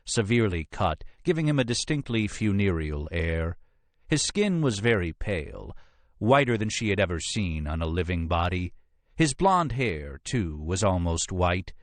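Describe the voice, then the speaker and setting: A man reading a thriller audiobook in measured, expressive scripted narration. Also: low voice, dry recording.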